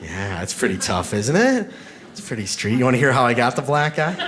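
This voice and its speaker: Animated self-mocking stand-up comic. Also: male voice, medium pitch, fairly quick. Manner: animated, self-mocking storytelling with bursts of shouted punchlines. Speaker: stand-up comedian. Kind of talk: stand-up comedy set. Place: comedy club stage with a live audience. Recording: noisy live club recording.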